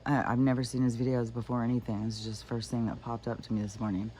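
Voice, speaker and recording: A spiritual vlogger telling a story in a loose, rambling monologue, stopping and restarting with plenty of fillers. The voice sits at a middling pitch and talks straight to viewers in a chatty, unscripted way. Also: level tone, fast talker, dark tone, slight background noise.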